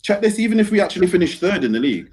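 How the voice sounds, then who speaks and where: A man's voice: high voice, sing-song, rapid-fire, a little mellow. A man co-hosting a football podcast, arguing his point in slangy talk and often asking if you get what he's saying. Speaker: podcast co-host. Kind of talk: casual football podcast chat.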